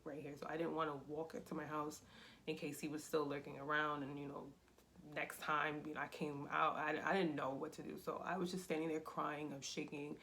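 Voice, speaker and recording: A young adult woman, telling a personal story in a casual, animated vlog style with lots of fillers. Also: sits low, creaky, slight background noise. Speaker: vlogger.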